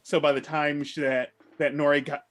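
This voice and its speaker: A man's voice: fairly high pitch, level tone, normal speed. Hesitant, rambling man player. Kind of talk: describing his character in a tabletop game.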